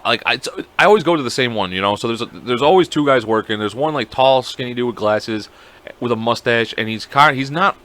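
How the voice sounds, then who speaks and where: Fast-talking bright-voiced young man. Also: medium pitch. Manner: rambling, swearing, quotes people in the story. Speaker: podcast co-host. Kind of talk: casual storytelling.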